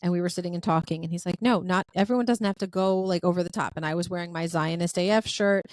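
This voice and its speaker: A woman's voice: on the low side, quick pace, no echo. A woman hosting a podcast, telling a story in casual chat and acting out the dialogue expressively. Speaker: podcast host.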